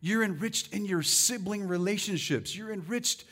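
A man preaching a sermon as pastor, building his voice into loud, rousing calls to the congregation. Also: high voice, moderate pace.

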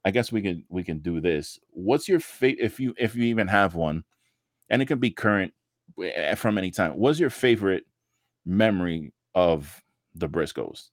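A man on a casual wrestling podcast, telling animated stories, swearing freely and acting out the people he quotes. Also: low-pitched, normal speed, no room sound, studio quality. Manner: animated storytelling, heavy swearing, acts out quotes.

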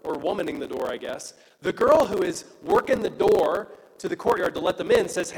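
A pastor preaching in a relaxed, slangy storytelling style with bursts of loud emphasis. His voice sits a bit high for a man. A long reverb from a large hall trails his words. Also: a little fast, breathy edge. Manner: casual storytelling with slang, often rising to loud. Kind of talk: sermon.

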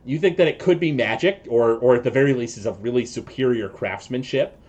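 Halting male game master narrating a tabletop game. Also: mid-range voice, a little mellow, husky, lo-fi sound. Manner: halting, many fillers and restarts.

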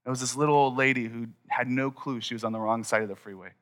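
A man's voice: medium pitch, fairly even intonation, fast, a bit bright. A young man preaching a sermon to his congregation in a casual, conversational way. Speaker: pastor. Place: church hall before a congregation.

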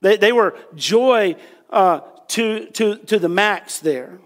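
A man preaching with a notably high voice, casual and joking as he retells the story, full of "you know" and "um". His words ring out with a long reverb, as in a large church sanctuary. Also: expressive, slow pace. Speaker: pastor. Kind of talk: sermon.

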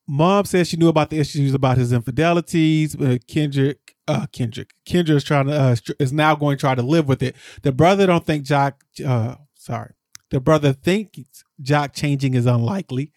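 A podcast co-host with a slightly mellow voice speaks at normal speed and a slightly raised volume in a casual recap. He rambles and circles back on himself, and his pitch shoots up when something exasperates him. The recording is dry and close to the mic, with no room sound.

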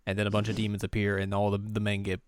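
A man's voice: fairly low pitch, completely flat delivery, racing, clean tone, no room sound, clean studio sound. A man hosting a podcast, recapping an episode in a jokey, casual way and slipping into silly voices. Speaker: podcast host.

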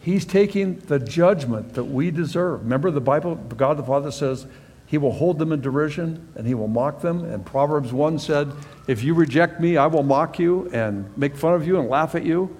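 A man's voice: fairly high pitch, normal speed, darkish tone, husky. A man giving a sermon as a pastor, earnestly reading scripture aloud and explaining it verse by verse. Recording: long reverb of a large hall.

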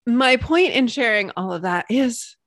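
A woman's voice: expressive, a little slow, fairly bright tone, no echo, clean studio sound. Bubbly woman hosting a solo podcast. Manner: bubbly, swings into high squealing cheerleader praise. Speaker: podcast host and coach. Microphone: computer mic.

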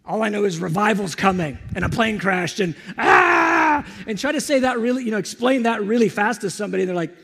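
A man preaching, telling a story with animated, excited energy. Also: high-pitched, fast, gravelly, hardly any pauses, husky, long reverb tail. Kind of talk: storytelling sermon.

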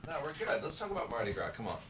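A man's voice: medium pitch, very animated, very fast, a bit bright, slight background noise. A man hosting a podcast, rambling in a jokey way with many fillers. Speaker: podcast host.

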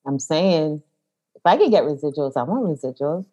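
A woman with a notably low voice co-hosting a casual podcast. She is upbeat and giggly, and she hands out practical advice in a lively, easygoing way. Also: moderate pace, poor audio. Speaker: podcast co-host. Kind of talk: casual chat.

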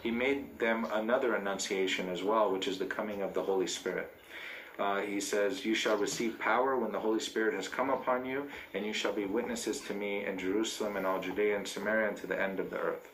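A man's voice: fairly low pitch, fairly even intonation, fairly quick, a bit bright, roomy sound, slight background noise, rough recording. A man, a priest, preaching a sermon in a church, speaking unscripted with fillers and restarts.

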